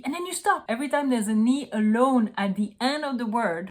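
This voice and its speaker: A woman with a French accent walks through a pronunciation lesson in a high voice. She speaks slowly and deliberately, sounding words out. Now and then she imitates sounds for fun. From France. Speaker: pronunciation teacher.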